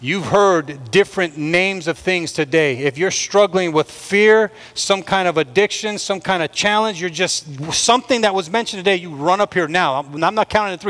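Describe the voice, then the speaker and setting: A man's voice: high-pitched, normal speed, few pauses, fairly bright tone, big-room sound. A man preaching a sermon in an impassioned way, reading scripture and pressing his congregation to respond. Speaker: pastor.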